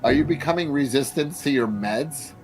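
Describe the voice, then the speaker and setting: A man's voice: medium pitch, moderate pace, a little mellow, soft background music, poor audio. Foul-mouthed mocking male streamer. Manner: profane, mocking, combative. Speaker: streamer reacting to videos. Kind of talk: live reaction commentary.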